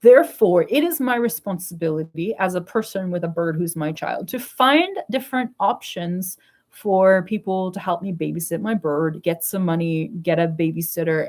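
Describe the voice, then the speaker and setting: A woman's voice: lowish voice, darkish tone. Blunt, swearing middle-aged woman venting. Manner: blunt, swearing, exasperated, laughing between words. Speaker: vlogger. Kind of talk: casual ranting monologue.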